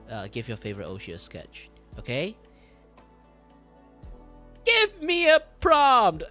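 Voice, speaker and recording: Rambling, lively man streaming as he draws. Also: a little high. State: dizzy and disoriented. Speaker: art streamer. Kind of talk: casual live-stream chat while drawing.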